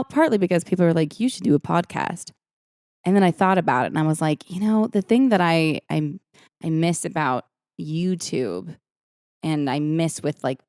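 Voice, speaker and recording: Young woman host, Valley girl lilt, lower-pitched for a woman, dry close sound, chatty and self-mocking. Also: a little mellow, clean tone, no echo. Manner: chatty, self-deprecating, rambling tangents. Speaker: podcast host. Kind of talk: casual solo podcast chat.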